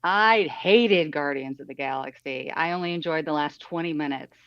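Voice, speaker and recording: A woman's voice: sits low, normal speed, fairly bright tone, no room sound, lo-fi sound. A woman co-hosting a podcast in casual chat, blunt and teasing. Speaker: podcast co-host.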